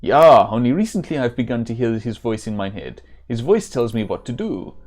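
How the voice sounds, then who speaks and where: Man doing a bearded warrior, fake German accent, earnest, formal old-style speech, medium-pitched voice. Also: very animated, normal speed, a little mellow. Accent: German, put on. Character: stern adult male warrior with a mock German accent, earnest and simple.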